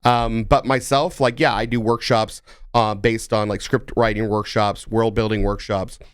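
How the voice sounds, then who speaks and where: A man's voice: lowish voice, flat delivery, moderate pace, smooth, no echo. A man, the guest, chatting in a studio in a rambling way with many restarts. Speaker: guest, film network president. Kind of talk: casual studio chat.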